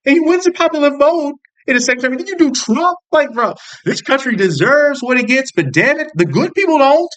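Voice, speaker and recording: A man's voice: very high-pitched, expressive, a little fast, fairly bright tone. Fired-up young man ranting. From United States. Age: young adult. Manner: angry, profane, rambling rant with many restarts. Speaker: vlogger. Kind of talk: political commentary rant.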